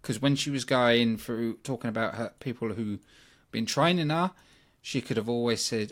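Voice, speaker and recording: British guy doing a wrestling review show, casual and opinionated, lots of ums, middle pitch. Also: normal speed, few pauses. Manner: chatty, opinionated, many ums and asides. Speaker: wrestling review podcast host.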